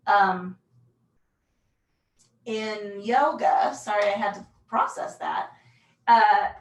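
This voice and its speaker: A woman leading a pilates class, calmly cueing breaths and moves in a casual, self-deprecating way. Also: a little high. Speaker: pilates instructor. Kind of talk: guided workout instruction. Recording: echoey room, mic far off.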